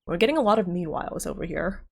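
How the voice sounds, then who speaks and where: A young woman streaming a game, chatting casually, thinking out loud and laughing often while switching between voices. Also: lowish voice, animated, fast talker, vocal fry, husky. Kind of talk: casual gaming commentary, reading dialogue aloud.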